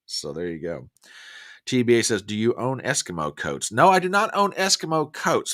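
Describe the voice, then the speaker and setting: A man's voice: mid-range voice, very animated, normal speed, fairly bright tone. A man hosting a casual live stream, chatting and joking and greeting viewers by name. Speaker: livestream host.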